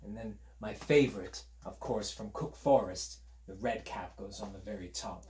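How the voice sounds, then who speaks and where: A male teacher with a fairly low, darkish voice reads a picture book aloud to children at normal speed, with a little hiss or hum in the sound. It's a storytime read-aloud, delivered in a playful, chatty way that invites the kids to join in.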